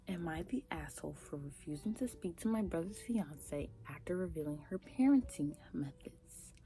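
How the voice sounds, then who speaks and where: A young woman giving animated, chatty reaction commentary straight to her viewers, sometimes dropping into breathy half-whispered asides. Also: sits low. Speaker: reaction vlogger.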